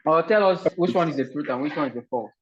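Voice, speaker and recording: Male video-call host, polite and hesitant, slightly high voice, muffled audio. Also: expressive, fast, breathy edge. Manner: polite, repeats words, many fillers. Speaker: online session host. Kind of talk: casual video call game hosting.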